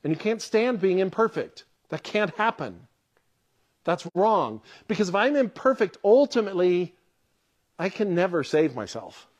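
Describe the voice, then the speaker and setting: A man's voice: high-pitched, unhurried. A man preaching a sermon, telling stories and acting out quoted lines with a rising voice. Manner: animated storyteller, acts out quotes in a rising voice.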